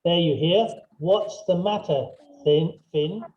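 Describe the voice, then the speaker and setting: Patient slow-talking male English teacher. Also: a little high, muffled recording, a little hiss or hum. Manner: patient, repetitive, checks understanding often. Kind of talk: online class explanation. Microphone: video call.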